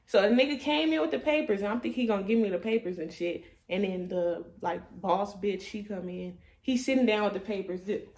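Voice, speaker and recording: A woman's voice: medium pitch, a little fast, few pauses, darkish tone. A woman in her twenties, a vlogger, telling a casual story in blunt, profane slang and laughing as she goes.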